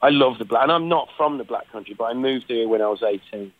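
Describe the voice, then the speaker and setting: A man, a musician guest chatting casually in an interview, rambling with halting restarts. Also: mid-range voice. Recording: tinny phone line.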